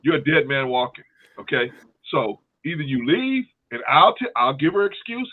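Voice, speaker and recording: An older man hosting a casual talk show, telling stories in an animated way, swearing freely and acting out what people say. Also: on the high side, moderate pace, a little hiss or hum. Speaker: host. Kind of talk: casual panel chat. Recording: tinny phone-line sound.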